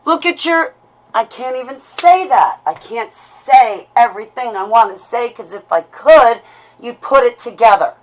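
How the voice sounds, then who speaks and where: A woman's voice: a little high, lively intonation, a little slow, rough recording. A woman on a livestream, talking unscripted into a computer webcam microphone at home with an intense, emotionally raw delivery. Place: at home, indoors.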